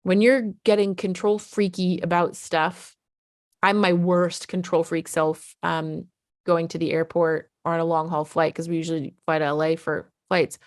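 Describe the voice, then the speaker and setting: Woman, middle-aged, parenting coach, earnest, conversational, slightly low voice, dry close sound. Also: little pitch movement, normal speed, no echo. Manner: earnest, conversational, often acts out quoted voices. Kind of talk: explanatory talk to camera.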